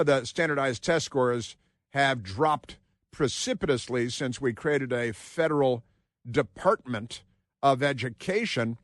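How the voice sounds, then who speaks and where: A man's voice: mid-range voice, dry recording, studio quality. A man hosting a talk radio show, delivering an opinionated monologue with combative, sarcastic asides.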